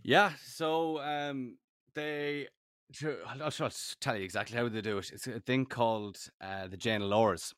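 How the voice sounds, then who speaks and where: A man chatting casually on a podcast as a guest, a lively, jokey storyteller. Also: mid-range voice, measured pace, clean tone, no echo. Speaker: radio presenter guest.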